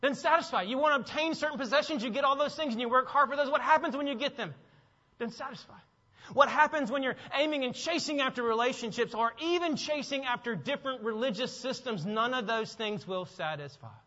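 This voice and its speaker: A man with a very high, bright and forceful voice preaches an emphatic sermon, repeating his phrases and questioning the congregation. His voice rings with long reverb through a church sanctuary. The sound is a little dull. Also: a little fast. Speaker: pastor.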